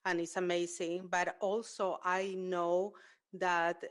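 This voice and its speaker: A woman's voice: lowish voice, level tone, slow. A woman hosting an interview podcast, a native Spanish speaker talking in an earnest, reflective way. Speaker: podcast host. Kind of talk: conversational interview.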